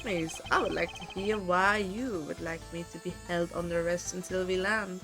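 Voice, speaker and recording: A woman voicing a calm, formal male prosecutor who speaks in a measured, polite way. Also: lowish voice, over music, pitched below the performer's own voice, lightly acted.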